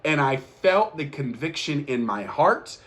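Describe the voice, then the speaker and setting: Young man, earnest motivational host, emphatic, repeats lines, slightly high voice. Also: expressive, a little slow, fairly bright tone. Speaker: podcast host. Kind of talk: motivational monologue.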